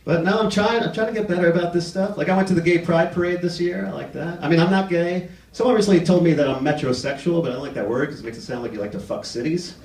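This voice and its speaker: A man's voice: a little high, fast, hardly any pauses, darkish tone. A man performing a stand-up comedy set in a theater, acting out the people he quotes in put-on voices. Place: live comedy theater with audience laughter. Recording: roomy live recording from a distance.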